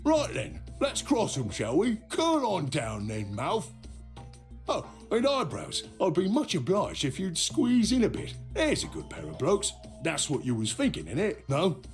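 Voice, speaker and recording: Kletsende Cockney-robot, zeer levendig. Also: male voice, fairly high pitch. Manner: chummy, rambling, slangy. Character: chatty male Cockney robot golem, cheeky and folksy. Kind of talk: video game voice acting.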